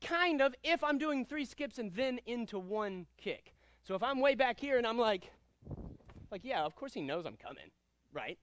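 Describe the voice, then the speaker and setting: A man teaching a karate class, giving energetic commands and calling out drills and counts. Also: extremely high pitch, normal speed, slight background noise. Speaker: karate instructor. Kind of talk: martial arts class instruction.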